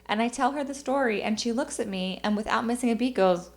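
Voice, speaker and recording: A young adult woman co-hosting a podcast, telling a story in animated, casual chat. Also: a little high, fast talker. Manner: animated storytelling, acts out quoted voices. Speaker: podcast co-host.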